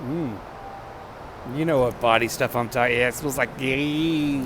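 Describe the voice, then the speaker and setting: A middle-aged man vlogging on a subway train, talking candidly in a rambling monologue with joking asides. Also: unhurried. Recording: loud rumbling train noise. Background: subway train and announcements.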